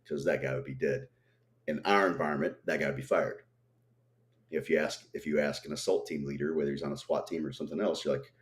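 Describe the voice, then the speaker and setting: A man with an extremely low, deep voice talks through team training and failure in a relaxed podcast conversation. He gets animated and acts out the people he quotes along the way. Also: fairly quick. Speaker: guest, tactical trainer.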